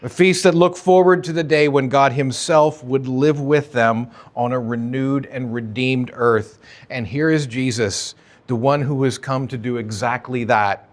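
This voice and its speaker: A man's voice: medium pitch, fairly even intonation, unhurried. Emphatic, conversational male preacher. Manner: conversational, emphatic preaching with sudden rises and drops in energy. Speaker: pastor. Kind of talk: expository sermon. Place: church sanctuary.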